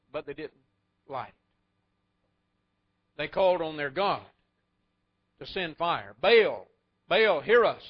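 Man preacher, a bit higher voice, folksy storyteller with wry asides, muffled sound. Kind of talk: sermon. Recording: muffled lo-fi recording.

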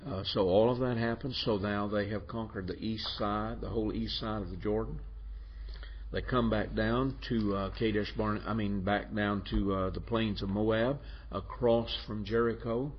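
Halting male teacher, lowish voice, muffled lo-fi classroom tape, faint room hiss. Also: fairly even intonation. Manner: halting, repeats words, asks the class questions. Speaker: Bible teacher. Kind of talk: classroom lecture.

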